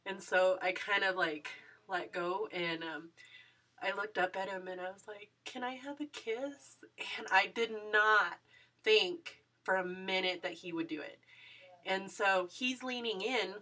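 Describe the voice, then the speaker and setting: A woman's voice: medium pitch, steady tone, measured pace, pushed and bright, far from the mic. A young woman vlogger gushing through a personal story, full of fillers and giggles.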